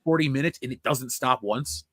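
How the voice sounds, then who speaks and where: A young man co-hosting a casual film review chat, excitable and rambling, swearing freely. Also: mid-range voice, normal speed, no echo, clean studio sound. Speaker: podcast co-host.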